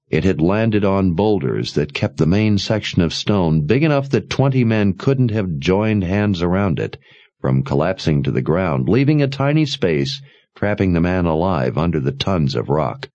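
A man telling a fantasy story as an audiobook narrator, in expressive storytelling. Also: low voice, measured pace, dry recording, muffled recording. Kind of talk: scripted narration.

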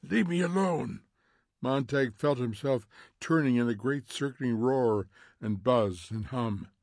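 A male audiobook narrator with a mid-range voice, telling the story in a measured, tense way. He is recorded on a close mic in a dead, dry studio. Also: medium pitch, a little mellow, no room sound. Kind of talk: scripted narration.

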